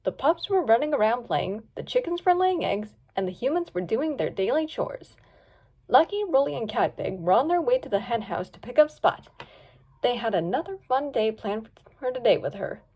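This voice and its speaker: A woman's voice: moderate pace, breathy edge. A woman reading a children's fanfiction story aloud, switching into voices for each character. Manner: lively, voices each pup and hawk with pitch jumps. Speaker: fanfiction reader.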